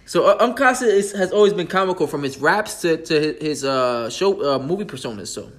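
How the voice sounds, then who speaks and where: Profane, fast-talking male podcast host. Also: fairly high pitch, expressive, fairly bright tone. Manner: loose, profane, laughing, quick bursts. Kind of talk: casual hip-hop talk.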